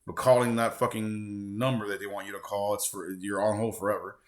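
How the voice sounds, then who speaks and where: A man's voice: on the low side, flat delivery, brisk. A man of forty hosting a gaming channel, rambling casually in a loose, profane, slangy way. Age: 40s.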